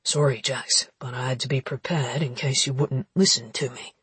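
A woman voicing a cocky, teasing man in an audiobook, speaking with a smug, husky drawl. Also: steady tone, moderate pace, no echo, heavily acted. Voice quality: husky, low and hushed.

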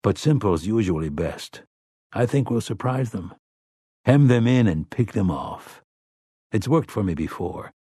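A man voicing a terse, calm gunslinger in an audiobook. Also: on the low side, measured pace, breathy edge, no room sound, studio quality.

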